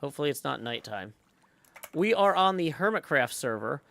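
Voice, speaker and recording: A man's voice: on the high side, big pitch swings, normal speed, creaky, fairly bright tone, a little hiss or hum. A man live streaming while he plays, chatting casually and thinking aloud with lots of fillers, and greeting viewers in the chat.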